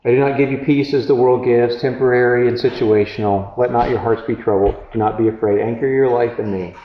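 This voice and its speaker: A man preaching a sermon in a conversational way, often halting and restarting as he reads and comments on scripture. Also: medium pitch, fairly even intonation, reverberant, highs cut off. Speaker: pastor.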